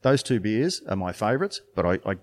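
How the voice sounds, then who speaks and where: A man talks in a loose, rambling way, stopping and restarting his sentences. His voice sits fairly low. He sounds like a brewer swapping stories in a relaxed podcast chat. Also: a little fast. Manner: rambling, many restarts and fillers, storytelling. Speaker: brewer and beer judge.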